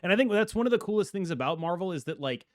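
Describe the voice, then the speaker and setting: A man hosting a casual chat about a card game, animated and quick to laugh. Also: high voice, dry recording, studio quality. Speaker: host.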